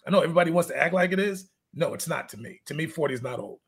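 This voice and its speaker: High, husky-voiced male fitness coach. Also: expressive, very fast. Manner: candid, rambling storyteller who laughs at his own jokes. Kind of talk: casual interview chat.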